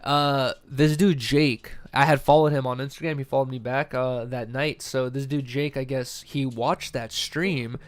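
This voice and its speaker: A man's voice: mid-range voice, fairly even intonation, a little slow, hardly any pauses. A young man hosting a podcast after-show, telling a story in casual, rambling chat full of slang and laughter. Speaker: podcast host.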